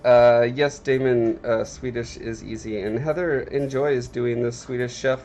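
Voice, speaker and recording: A man's voice: mid-range voice, fairly even intonation, unhurried, a little mellow, a little hiss or hum. A man hosting a livestream, chatting casually and joking with viewers. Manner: joking, wry, talks to chat viewers. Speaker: livestream host, artist.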